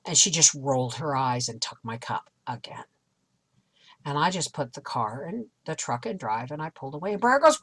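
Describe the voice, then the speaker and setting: A woman's voice: low-pitched, big pitch swings, moderate pace, fairly bright tone, slightly rough. A middle-aged woman vlogger animatedly retelling a frustrating experience in a casual storytelling way. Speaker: homestead vlogger.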